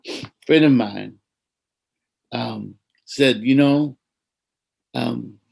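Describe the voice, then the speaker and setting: American priest, gravelly mid-range voice, gentle reflective storyteller on a video call. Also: male voice, medium pitch, poor audio. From United States. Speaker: Orthodox priest. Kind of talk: personal storytelling in a conversation.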